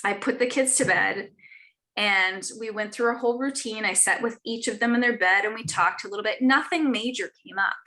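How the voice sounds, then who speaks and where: Talking fairly quickly in a mid-range, pushed and bright voice, this author guest is a woman in her thirties or forties. She's earnest in the casual live stream chat, though her speech is full of fillers and restarts.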